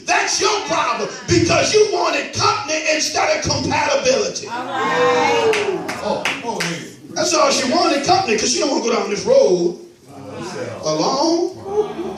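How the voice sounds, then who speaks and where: A male pastor preaching an animated sermon, repeating catchphrases to his congregation. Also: very high voice, normal speed, soft background music. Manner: animated call-and-response preaching, repeats "watch this". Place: church sanctuary. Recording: echoey church hall from far off.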